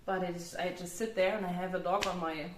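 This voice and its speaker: Female host, low-key and quiet, slightly low voice, roomy echo. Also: fairly even intonation, a little fast, a loud crowd. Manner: soft-spoken, agreeable, trails off quietly. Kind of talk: casual chat.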